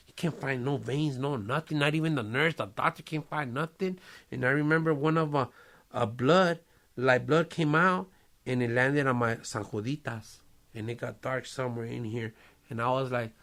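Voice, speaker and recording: A man casually telling a long personal story in a podcast studio, cursing often and using street slang. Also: medium pitch. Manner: profane, streetwise slang, lively retelling with quoted voices.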